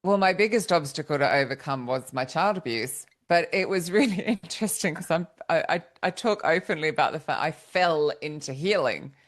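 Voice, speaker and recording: A woman's voice: low-pitched, lively intonation, a little fast, few pauses. A middle-aged woman, a guest in an interview, speaking openly and self-deprecatingly, laughing easily and restarting her sentences. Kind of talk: candid interview conversation.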